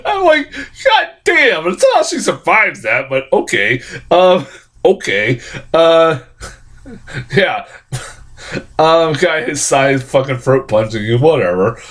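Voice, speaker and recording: A man's voice: medium pitch, animated, slow, pauses often. A man giving a casual spoken movie review, rambling, swearing a lot and often laughing.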